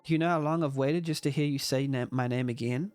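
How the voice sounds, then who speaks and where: A man's voice: mid-range voice, fast talker, darkish tone, smooth, no room sound, natural voice. A man reading aloud the lines of a lonely young man who is trapped in a dream, his voice hurt and pleading.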